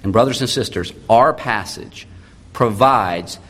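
Preaching pastor in an echoing hall. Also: male voice, lowish voice, measured pace. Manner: animated, shifting between loud emphasis and quiet intimate tones. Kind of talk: sermon.

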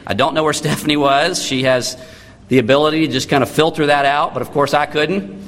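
A man in his thirties preaching a sermon as a pastor, swinging between loud emphatic lines and quiet intimate ones. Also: fairly high pitch, fairly even intonation, fairly quick, long reverb tail, slight background noise.

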